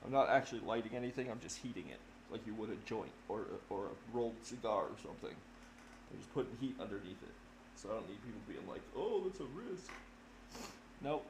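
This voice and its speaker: A man's voice: lowish voice, fast. Profane, rambling man in an echoey room. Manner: profane, blunt and animated. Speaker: livestreaming drummer. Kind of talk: casual rambling chat. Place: home room. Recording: echoey room with clear noise.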